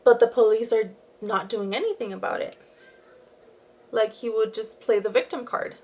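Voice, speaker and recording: Her darkish voice runs on the high side, with fairly even intonation and a moderate pace. A beauty and true crime vlogger, the young woman chats through a true crime story at home while doing makeup, rambling with frequent "like" and asides.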